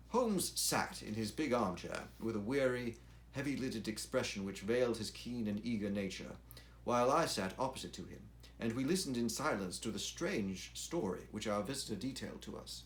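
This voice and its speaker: A man reading a classic detective story aloud as a measured, scripted narration. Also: on the low side, expressive. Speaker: reader.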